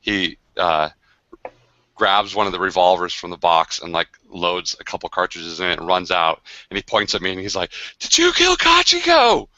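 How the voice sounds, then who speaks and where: At normal speed, a deep-voiced game designer with a bright, forceful edge rambles through a long story about a game session on his livestream. He's animated and chatty, full of fillers and restarts, and the dry, slightly dull recording resembles a video call.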